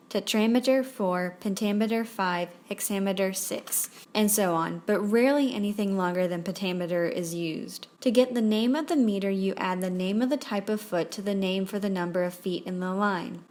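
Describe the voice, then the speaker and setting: A young woman hosting a tutorial, reading a scripted explainer in a clear, measured way and spelling out terms one by one. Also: mid-range voice, darkish tone. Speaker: poetry tutorial host.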